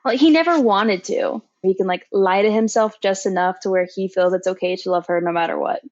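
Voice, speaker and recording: Steady-voiced woman on a dull line. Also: mid-range voice, fairly quick. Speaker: podcast panelist. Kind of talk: casual film discussion. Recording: slightly dull sound.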